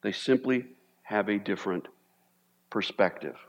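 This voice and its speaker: A man preaches to his congregation, lively and animated, now and then jumping into exaggerated panicked voices to make a point. His voice sits on the low side. A long reverb trails each phrase through the church hall. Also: unhurried, lo-fi sound. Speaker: pastor. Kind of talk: sermon.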